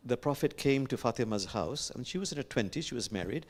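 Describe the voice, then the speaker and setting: An older man with a Bangladeshi accent gives a reflective sermon in a sanctuary. He tells stories in a gentle, unhurried way, pausing often. His pitch swings widely, lifting high at moments of joy. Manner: gentle, animated storytelling with pauses and fillers. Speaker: imam.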